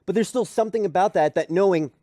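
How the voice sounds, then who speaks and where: A man co-hosting a podcast, chatting in a relaxed, conversational way. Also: sits high, fast talker, no room sound, studio quality. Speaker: podcast co-host. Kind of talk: casual chat. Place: podcast studio.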